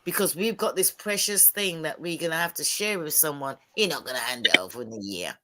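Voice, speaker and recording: A woman's voice: low-pitched, fairly quick, slight background noise. A woman and single mother in casual panel talk on a video call, telling stories and acting out what people said. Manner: animated storyteller acting out quotes.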